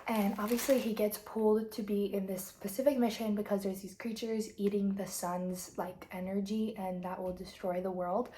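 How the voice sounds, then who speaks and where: A woman's voice: mid-range voice, moderate pace, few pauses, a little hiss or hum. Gushing teen girl chatting about a book. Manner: gushing, excitable, many likes, sometimes drops to a whisper. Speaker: book vlogger. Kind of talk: casual chat.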